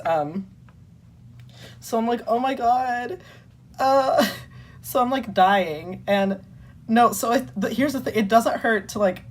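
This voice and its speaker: A young woman chatting casually as a guest, telling a story in an animated, dramatic way, full of "like" and fillers. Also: medium pitch, husky. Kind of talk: casual chat.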